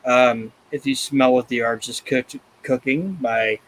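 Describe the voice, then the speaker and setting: A man's voice: mid-range voice, steady tone, unhurried, fairly bright tone, rough recording. A man hosting a podcast in blunt, profane, casual chat. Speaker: podcast host.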